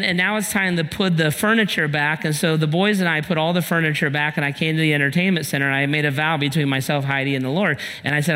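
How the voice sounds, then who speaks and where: A man preaching a sermon as pastor, telling a funny story with animated delivery and sudden shouted punchlines. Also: a little high, big-room sound. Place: church sanctuary.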